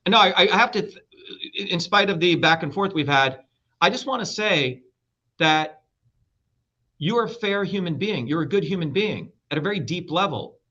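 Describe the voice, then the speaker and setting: A man's voice: high-pitched, animated, moderate pace, pushed and bright. A middle-aged man speaking as an interview guest, blunt, combative and heavily profane. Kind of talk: heated interview talk. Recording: dull lo-fi sound.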